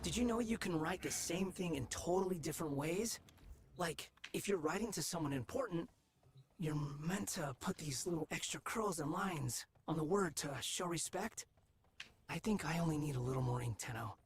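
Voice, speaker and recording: Brief: an actor doing a soft, chatty scribe figure in a game, heard faint and distant over clear noise. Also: mid-range voice, lively intonation, normal speed, natural voice. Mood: explaining.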